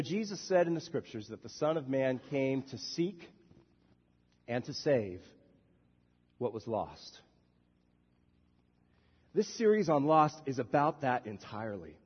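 A man preaching a sermon as a minister, swinging from soft, quiet passages to loud shouted bursts. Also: on the high side, slightly rough, long reverb tail, highs cut off. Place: church sanctuary.

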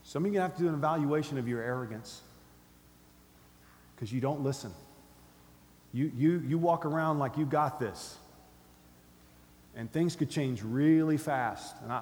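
Man, pastor's sermon, emphatic, fairly high voice, long reverb from the hall. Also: animated, normal speed, pauses often, a little mellow. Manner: emphatic, leads call-and-response. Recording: echoey hall, faint ambience.

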